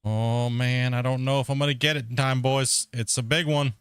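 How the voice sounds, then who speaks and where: A man's voice: mid-range voice, steady tone, normal speed, smooth, no echo. A man streaming a game live, bantering and teasing with viewers and teammates in a joking way. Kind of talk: live gameplay chat with viewers.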